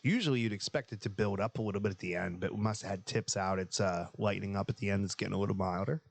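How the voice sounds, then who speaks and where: A man with a fairly low voice co-hosting a relaxed podcast. He chats loosely and tells stories with lots of energy. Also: racing, gravelly. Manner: animated storyteller, drops into quoted voices. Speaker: podcast co-host. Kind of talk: casual chat.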